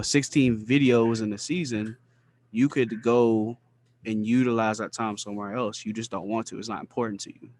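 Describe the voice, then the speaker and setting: Earnest man talking on a podcast. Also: fairly low pitch. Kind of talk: casual conversation.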